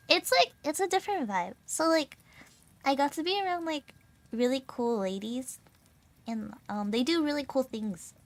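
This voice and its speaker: A woman's voice: sits high, animated, measured pace, pauses often. A young adult woman VTuber streamer in casual chat, bubbly and giggly with lots of filler words, her throat a little sore and strained.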